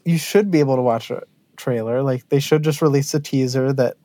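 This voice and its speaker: A man's voice: mid-range voice, brisk, mellow. A man co-hosting a podcast, chatting casually and complaining emphatically. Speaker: podcast co-host. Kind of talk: casual chat.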